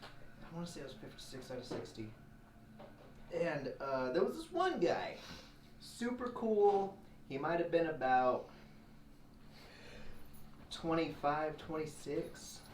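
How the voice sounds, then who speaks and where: A man's voice: on the high side, slow, pauses often, recorded from a distance. A man casually telling a long story to friends, acting out the voices of the people in it. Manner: animated, acts out quoted voices. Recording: echoey room heard from afar with noise.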